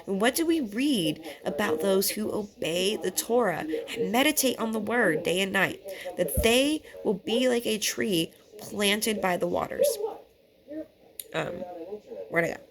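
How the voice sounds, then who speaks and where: A woman's voice: medium pitch, lively intonation, unhurried, crowd noise. A woman reading scripture aloud and teaching on it, moving between formal reading and casual explanation. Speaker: Bible teacher.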